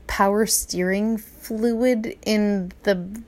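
A woman's voice: medium pitch, fairly even intonation, extremely slow, mellow. A woman in her forties hosting a casual podcast, chatty and rambling, swearing freely and laughing often. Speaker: podcast host.

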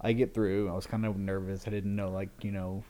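Chill young guy, warm low voice, just chatting casually. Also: level tone, brisk, a little hiss or hum. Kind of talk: casual storytelling chat.

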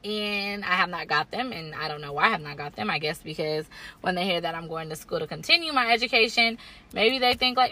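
Candid young woman, bright tone. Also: medium pitch, fairly quick. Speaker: podcast co-host. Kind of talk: casual chat.

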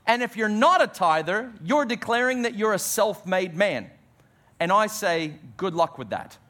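A man preaching a sermon as pastor, emphatic, dropping his voice low on key words. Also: animated, moderate pace, a bit bright.

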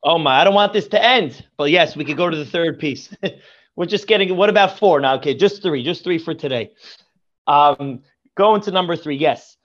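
High-voiced rabbi telling a story. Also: male voice, normal speed, a bit bright, lo-fi sound. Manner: effusive, repeats praise often. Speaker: rabbi guest. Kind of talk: Torah teaching and storytelling.

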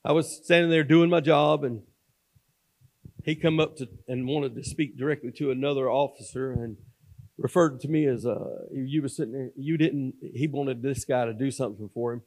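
A man gives a sermon testimony from a church platform in a mid-pitched voice. His folksy delivery swings between loud, emphatic preaching and hushed, confiding asides. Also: fairly even intonation, moderate pace. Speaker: guest speaker at a church. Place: church sanctuary.

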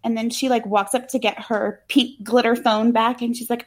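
This podcast co-host's voice is a little high and fairly flat in pitch, moving at a moderate pace. Recapping a movie on an informal talk show, she's sarcastic and talkative, uses lots of fillers and lets slip the occasional swear word.

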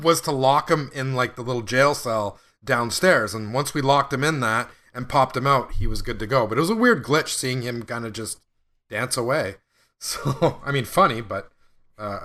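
A man co-hosting a gaming podcast, easygoing and quick to laugh. His voice is bright with a slight edge. He has a middling pitch. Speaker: podcast co-host. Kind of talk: casual gaming chat.

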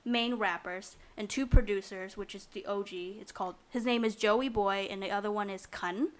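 A woman's voice: mid-range voice, moderate pace. A woman co-hosting a podcast, explaining things in a rambling casual chat with lots of fillers. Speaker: podcast co-host.

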